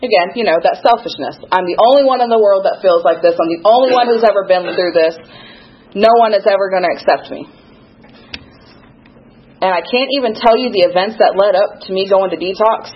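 A woman's voice: mid-range voice, fairly quick, lo-fi sound. A young woman giving a candid, self-deprecating recovery testimony, laughing at her own past. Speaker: recovery speaker sharing her story.

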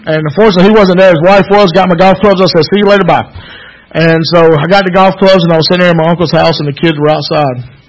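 A man in his thirties giving a halting, earnest personal testimony at a recovery meeting, often repeating himself. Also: sits high, steady tone. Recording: dull lo-fi recording.

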